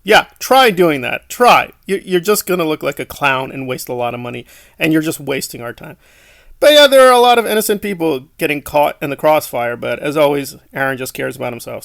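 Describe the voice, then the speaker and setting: High-voiced mocking male commentator. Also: expressive, normal speed, creaky, a bit bright, no echo, studio quality. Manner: mocking, scornful. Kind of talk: sarcastic online commentary.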